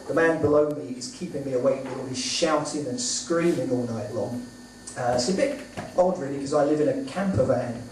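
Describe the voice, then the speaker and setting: A man doing stand-up one-liners on a comedy club stage, pausing often with ums and uhs. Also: medium pitch, darkish tone. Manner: halting, with many ums and uhs. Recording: echoey club from far off, noisy. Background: audience laughter.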